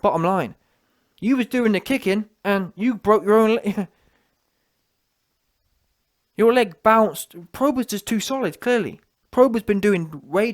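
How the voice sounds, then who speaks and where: A man hosting a reaction channel, delivering a mocking rant in heavy slang and tagging his points with "yeah?". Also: high voice. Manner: taunting, repetitive, slangy, with frequent "yeah?" tags. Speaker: commentary channel host.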